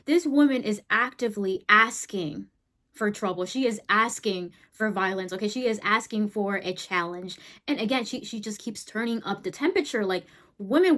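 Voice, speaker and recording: A woman's voice: mid-range voice, normal speed, a bit bright. A woman hosting a political commentary video, talking bluntly and heatedly, often tagging her points with "right?" and "okay?". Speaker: host.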